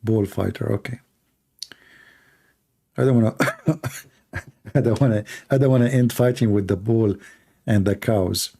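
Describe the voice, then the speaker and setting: Hoarse, gravelly man. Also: on the low side, steady tone, measured pace, long pauses, warm tone. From Middle East. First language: Arabic. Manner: blunt, sarcastic, rhetorical questions. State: hoarse, tired voice. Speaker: Christian apologist, host answering questions. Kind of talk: casual live Q&A stream.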